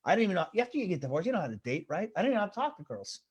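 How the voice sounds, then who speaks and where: A man's voice: high voice, very animated, rapid-fire, slightly rough. A man doing a stand-up set over a video call, rambling through stories and often swearing it's true. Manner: rambling storytelling, repeats "I swear to God". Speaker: stand-up comedian.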